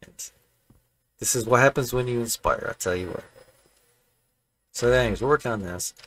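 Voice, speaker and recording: A man's voice: medium pitch, normal speed, fairly bright tone. A man chatting casually while building in a game, rambling and correcting himself as he goes. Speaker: Minecraft building creator. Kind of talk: casual gameplay commentary. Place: home room.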